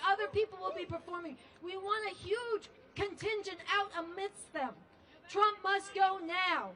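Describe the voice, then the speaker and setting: A woman's voice: extremely high pitch, pushed and bright. A woman organizer giving an earnest rally speech outdoors, now and then losing track of her dates. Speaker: protest organizer. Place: outdoor street protest. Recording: voice from far off the mic.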